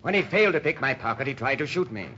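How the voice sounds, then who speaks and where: An actor playing a hearty sea captain who speaks in nautical slang in a radio drama, from a dull old radio recording. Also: male voice, medium pitch, expressive, quick pace, sharp tone, a little hiss or hum.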